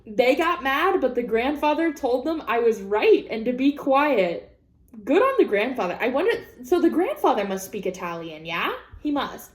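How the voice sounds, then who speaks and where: A woman's voice: high-pitched, normal speed. Blunt, swearing woman in a roomy echo. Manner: blunt, swears freely, animated asides. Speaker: craft vlogger reading and reacting to an online story. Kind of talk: casual reaction chat.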